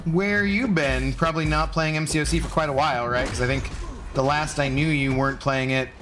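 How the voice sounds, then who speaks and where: A man's voice: mid-range voice, steady tone, fast, fairly bright tone, a little hiss or hum. A man casually chatting with viewers while live-streaming a mobile game, greeting them by name.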